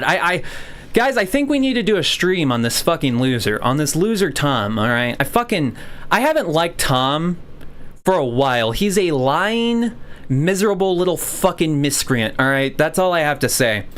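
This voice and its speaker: A male streamer rants to his chat, sarcastic and swearing freely. His pitch is lively and jumps around a lot. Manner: profane, sarcastic, ranting. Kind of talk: livestream rant.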